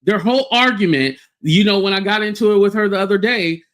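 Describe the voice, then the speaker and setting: A man hosting a livestream, giving blunt, heated commentary with swearing and quick acted-out quotes. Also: high voice, fairly bright tone.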